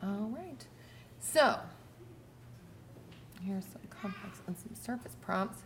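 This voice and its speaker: A woman's voice: mid-range voice, animated, slow, slight background noise. A woman speech therapist giving a conference lecture, explaining each slide step by step with frequent fillers.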